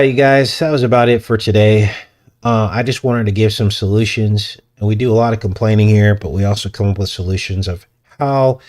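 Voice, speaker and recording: A man's voice: lowish voice, a little mellow. A man hosting a casual livestream, chatty and self-deprecating, often chuckling as he talks. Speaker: host.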